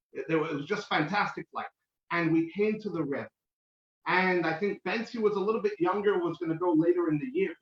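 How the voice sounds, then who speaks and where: A man's voice: a little high, fairly bright tone. A man, hosting as a rabbi and telling a chatty, anecdotal story on a video call. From London, England. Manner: chatty, anecdotal, some restarts. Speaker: host rabbi. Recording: echoey room, dull video-call audio.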